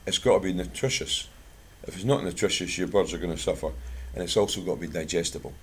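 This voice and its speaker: A man's voice: low-pitched, fairly even intonation, quick pace, husky. A Scottish man from Scotland giving a chatty, plain-spoken talk to a bird club, mixing product advice with anecdotes. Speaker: guest speaker at a bird club.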